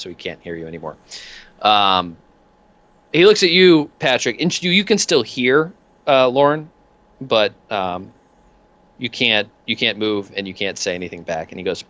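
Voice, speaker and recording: Game master man, low bright voice, rambling narration, lo-fi sound. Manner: loose, rambling narration full of "uh".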